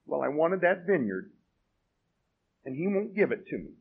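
A man's voice: on the high side, sing-song, normal speed, creaky, husky, phone-quality sound, full character voice. A man voicing a smug, sulky king who wants his neighbour's vineyard, in a sermon. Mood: whiny.

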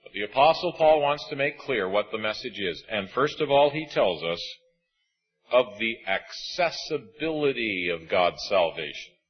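A man preaching with a husky edge, his pitch rising and falling in wide, lively sweeps. He presses hard on some phrases and drops to a hush on others. The recording is dull and lo-fi, with faint music underneath. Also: normal speed. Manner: emphatic, swinging between loud and hushed. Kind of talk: sermon.

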